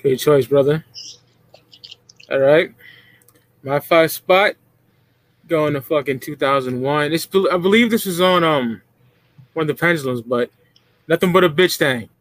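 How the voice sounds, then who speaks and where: A man's voice: on the high side, measured pace, long pauses, no echo. A man co-hosting a podcast in casual chat, enthusiastic and profane, often laughing as he talks. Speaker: podcast co-host.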